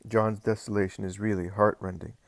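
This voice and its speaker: A man reading a religious story aloud in measured, earnest narration. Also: lowish voice, level tone, no echo. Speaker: audiobook reader. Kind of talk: scripted narration.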